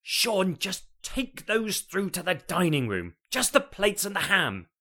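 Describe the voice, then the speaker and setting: A man's voice: medium pitch, big pitch swings, moderate pace. A man playing an exasperated, long-suffering wife. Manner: weary and exasperated.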